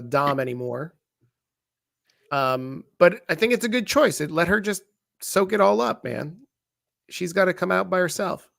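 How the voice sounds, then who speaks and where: A man's voice: high-pitched, vocal fry, no room sound, clean studio sound. A man co-hosting a live wrestling watch-along, chatting and joking casually. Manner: joking, chatty, reacts loudly. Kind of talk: casual live commentary chat.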